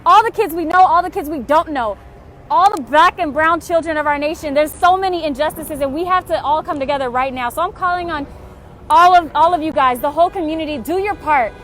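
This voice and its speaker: Woman, very high voice, impassioned and urgent, tired, outdoors on a phone, faint traffic behind. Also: fairly quick, fairly bright tone. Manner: impassioned, urgent, repetitive calls to action. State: frustrated and tired. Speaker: livestreamer. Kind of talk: livestreamed street appeal. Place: outdoors on a city street. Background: faint passing traffic and honking.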